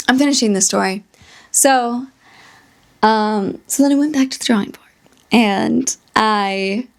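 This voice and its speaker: Female solo podcaster with a high voice who tells casual stories and drifts into tangents. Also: creaky. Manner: rambling, prone to tangents. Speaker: podcast host. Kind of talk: casual storytelling chat.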